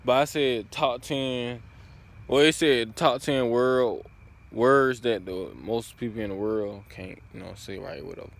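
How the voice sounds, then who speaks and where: A man's voice: medium pitch, a little slow, gravelly. A man vlogging casually, laid-back and full of slang, often stumbling over words and chuckling at himself. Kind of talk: casual vlog.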